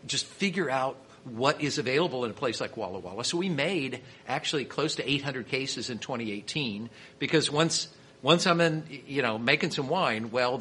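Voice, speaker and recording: The speaker is a man from Kansas City, a sommelier who owns a winery, appearing as a podcast guest in a casual storytelling interview. He chats freely with many restarts, his medium-pitched voice fairly bright in tone over slight background noise.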